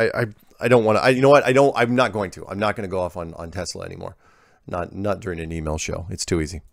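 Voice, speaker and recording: A man's voice: low voice, no echo, studio quality. A man hosting a casual email Q&A show, reading viewer letters aloud with offhand, stumbling restarts and wry asides.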